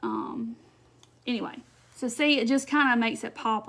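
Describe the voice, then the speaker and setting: A woman's voice: on the high side, steady tone, moderate pace, creaky, pauses often, fairly bright tone. A woman hosting a live craft demonstration, chatting casually, answering viewer comments and laughing often as she works. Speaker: craft livestream host.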